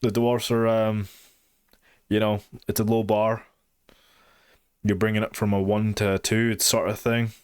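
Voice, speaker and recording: A man's voice: lowish voice, little pitch movement, a little slow, long pauses, darkish tone, smooth, dry recording, clean studio sound. A young man giving a blunt, sarcastic and sweary review of a TV show in a casual, opinionated way.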